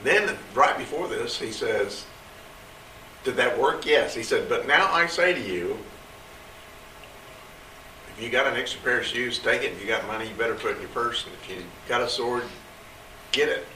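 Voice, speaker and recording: A man's voice: mid-range voice, normal speed, long pauses, sharp tone, a little hiss or hum. A man in a Bible class discussion, thoughtfully retelling scripture in plain words. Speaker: class member. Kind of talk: group discussion. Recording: roomy and distant from the mic.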